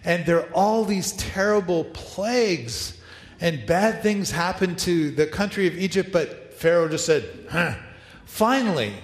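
A male pastor leading an interactive Bible story for his church, upbeat and playful as he directs the congregation. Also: fairly high pitch. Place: large church hall. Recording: echoey hall, long reverb.

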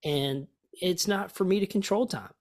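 A man, a pastor and author, telling stories as a guest in an interview, lively and often repeating words as he thinks. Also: high-pitched, moderate pace. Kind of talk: conversational storytelling.

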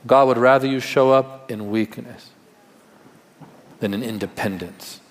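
A man's voice: medium pitch, a little slow, in a large hall. A male pastor giving a sermon in a conversational way, with rhetorical questions and humor.

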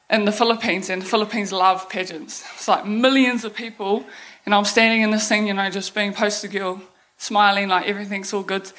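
A woman's voice: mid-range voice, a bit bright. A young woman with a New Zealand accent telling her life story on an event stage, blunt and swearing freely, laughing now and then. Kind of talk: candid personal story talk.

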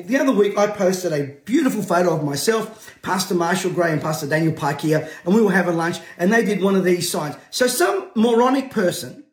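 A man, preaching to camera in a combative, forceful way, rising to shouts and breaking into jovial laughs. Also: extremely high pitch. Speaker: pastor. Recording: roomy echo.

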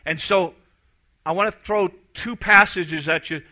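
Bright-voiced man preaching a sermon. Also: a little slow. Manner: storytelling, acts out voices, drops to soft low emphasis. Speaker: pastor.

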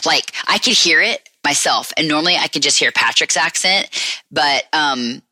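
Southern woman podcast host, low-pitched yet bright and crisp, rambling casual chat, dry close sound. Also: expressive, normal speed, no echo. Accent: Southern American. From American South. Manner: chatty, rambling, many fillers.

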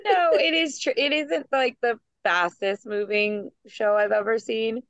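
A woman co-hosting a podcast in casual chat, laughing easily and trading quick replies. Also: a little high, a bit bright, no echo, dull audio. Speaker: podcast co-host discussing a TV episode.

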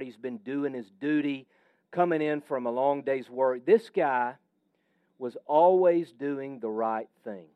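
A man's voice: fairly high pitch, no room sound, dull audio. A man preaching a sermon with emphatic, varied delivery that sometimes drops almost to a whisper. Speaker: pastor.

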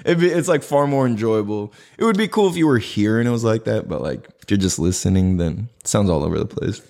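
Male podcast host, casual home monologue, lively swooping pitch, loose profane slang. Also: fast talker, creaky. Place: indoors in a house. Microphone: podcast mic with cameras recording.

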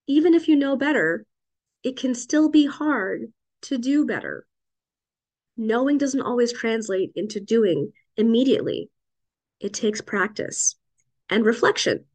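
A middle-aged woman, a psychiatrist and parent, telling a personal story in a reflective, conversational way and often turning to listeners with "right?". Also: on the high side. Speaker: psychiatrist and parent sharing advice.

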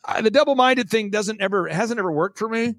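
A man's voice: high-pitched, a little fast, fairly bright tone, no echo. A man speaking bluntly and emphatically as an interview guest, in a fervent, preaching manner.

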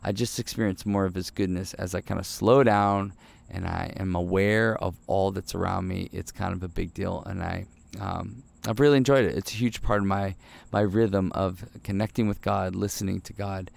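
A middle-aged man hosting a devotional podcast, talking in a relaxed, earnest way and telling stories with many fillers. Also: low voice, normal speed, gravelly. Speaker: podcast host.

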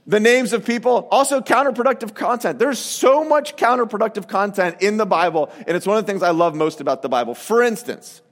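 A man preaching a sermon as a pastor, animated and conversational, acting out quoted voices. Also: high voice, brisk, few pauses. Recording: reverberant hall.

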